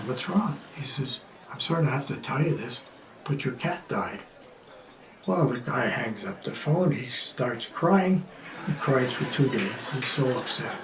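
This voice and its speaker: A man telling jokes to an audience, an animated storyteller who punches up the lines and drops into near-whispers for asides. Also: mid-range voice. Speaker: joke-telling comedian. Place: outdoor street performance. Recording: roomy, from a distance with ambient noise.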